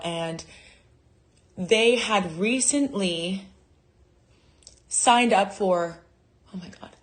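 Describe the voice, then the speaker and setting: A woman's voice: medium pitch, fairly bright tone. A woman performing a stand-up monologue as a comedy show host, with dry, self-mocking asides.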